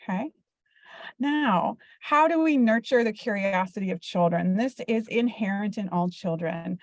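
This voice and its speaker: A woman's voice: mid-range voice, a little slow, no room sound. Teacher woman with a dry, close sound. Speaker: elementary school teacher presenting to parents. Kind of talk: explanatory presentation. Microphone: video call.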